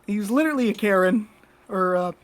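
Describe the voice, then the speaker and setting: A woman's voice: medium pitch, brisk. Blunt, foul-mouthed woman telling a story. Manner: profane, blunt and animated. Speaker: podcast co-host. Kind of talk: casual storytelling.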